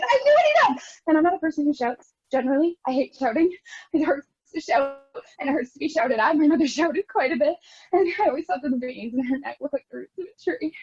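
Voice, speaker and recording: A young woman acting a neurotic, self-pitying married woman in a rambling, anxious theatre monologue over a video call. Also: sits high. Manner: rambling, anxious, bursting into near-tearful shouts. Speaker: actor in a scene study. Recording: dull lo-fi video call audio.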